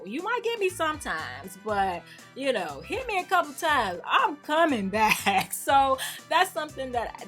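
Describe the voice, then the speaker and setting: Middle-aged woman host, bright and forceful tone, faint music behind, sassy and animated delivery. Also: a little high. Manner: animated, gets sassy and emphatic. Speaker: YouTube creator. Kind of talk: casual talk to camera.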